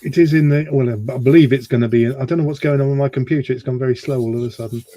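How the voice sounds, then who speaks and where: A man's voice: mid-range voice, fairly even intonation, rapid-fire, warm tone. A man hosting a casual live model-building stream, joking and reading out chat comments. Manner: chatty, jokey, reads chat comments aloud.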